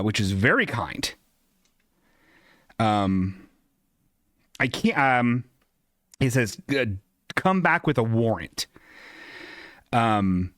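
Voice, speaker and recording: Speaking into a desk mic in a mid-range voice, a podcast host rambles through his solo show, putting himself down and cursing without restraint. The studio sound is clean, with no echo.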